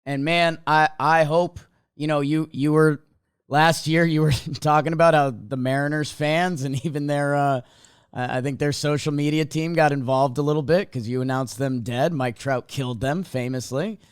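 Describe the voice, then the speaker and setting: A man co-hosting a sports podcast, talking casually in halting bursts and laughing as he speaks. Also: fairly high pitch, fairly even intonation, smooth, no echo, clean studio sound. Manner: halting, self-interrupting, laughs through lines. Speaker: podcast co-host.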